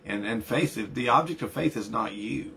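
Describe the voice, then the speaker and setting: A man's voice: medium pitch, moderate pace, creaky, pushed and bright, slight background noise. A middle-aged man preaching a conversational sermon as pastor, often repeating words and building emphasis.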